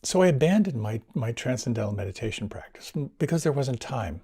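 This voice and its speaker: An older man, a meditation teacher, recounting his experiences in a reflective storytelling talk, swinging between near whispers and lively bursts. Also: medium pitch, brisk, husky. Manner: animated, drops to near whispers and rises again.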